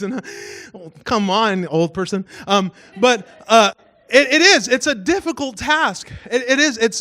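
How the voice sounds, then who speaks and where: A man pastor giving a casual storytelling sermon, animated and self-mocking, acting out voices in his stories. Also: high-pitched.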